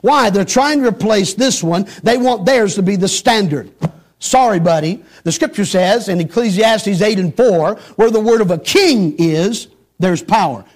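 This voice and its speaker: A man's voice: high voice, normal speed, a little mellow. A middle-aged man preaching a sermon emphatically, repeating phrases for stress and climbing sharply on rhetorical questions.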